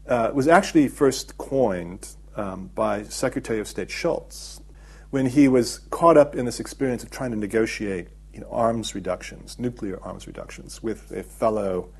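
A middle-aged man, a documentary filmmaker, giving a thoughtful interview and explaining his ideas with frequent pauses and fillers. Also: mid-range voice, darkish tone, breathy edge. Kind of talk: reflective interview talk.

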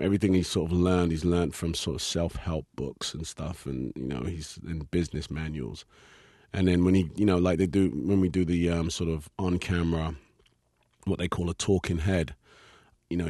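British man with a very low voice, easygoing interview guest who laughs often and drifts through "um"s as he tells stories. The sound is dry and close, with no room around it. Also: husky, no echo. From Britain. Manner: laughs easily, relaxed storytelling with many fillers. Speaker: actor guest. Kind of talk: casual interview chat.

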